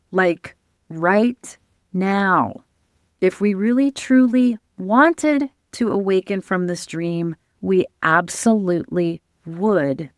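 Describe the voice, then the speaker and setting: A woman podcast host giving a calm, earnest teaching talk over slides. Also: mid-range voice, no room sound, clean studio sound.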